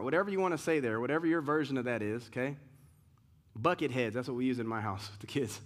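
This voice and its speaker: A man's voice: mid-range voice, fast talker, fairly bright tone. Emphatic male pastor preaching a sermon. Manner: rhetorical questions, emphatic and conversational with asides.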